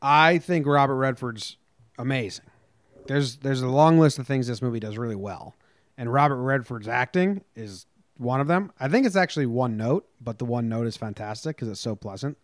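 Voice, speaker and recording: Man, podcast co-host, measured opinions, mid pitch, dry close sound. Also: expressive, no room sound. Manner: measured, opinionated, lists points. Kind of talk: casual movie review chat.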